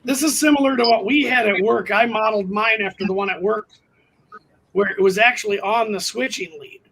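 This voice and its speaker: A man hosting a casual live chat about his model railroad, explaining things in a halting, rambling way with many restarts. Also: high-pitched, vocal fry, fairly bright tone, poor audio.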